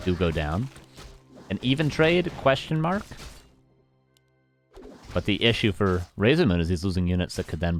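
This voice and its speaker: A man's voice: low-pitched, a little hiss or hum. A Canadian man casting a live strategy game match, chatty and self-mocking, thanking viewers by name between plays. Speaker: esports caster.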